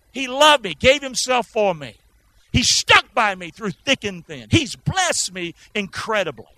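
A man's voice: high-pitched, bright, forceful tone, dry recording, low-quality recording. A man preaching a sermon, emphatic, often asking the congregation to answer or repeat after him. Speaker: pastor.

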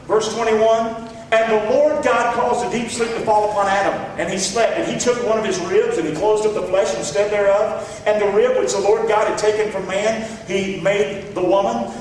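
Pastor preaching in an echoey hall. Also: male voice, sits high, recorded from a distance, slight background noise. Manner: preaching with call-and-response to the congregation. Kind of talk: sermon. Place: church hall.

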